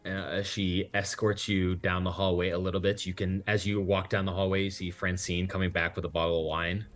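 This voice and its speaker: A man's voice: low-pitched, little pitch movement, fairly quick, fairly bright tone. A man narrating as game master in a casual, hesitant way.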